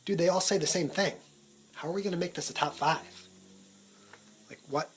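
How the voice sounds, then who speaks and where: A man vlogging for social media, talking in an energetic, punchy countdown style into a phone held at arm's length. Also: fairly high pitch, normal speed, long pauses, husky. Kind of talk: upbeat Snapchat vlog talk.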